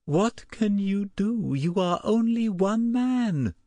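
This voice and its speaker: A male audiobook narrator voicing an anxious woman who pleads with her partner in a hushed voice. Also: high-pitched, lively intonation, slow, no echo, voice pushed up, full character voice. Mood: upset.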